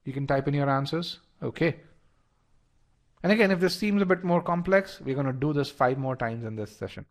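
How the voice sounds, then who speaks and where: A man's voice: a little high, brisk. A man leading a live online test-prep lesson, talking straight to his students with frequent repeated words and restarts. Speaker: instructor.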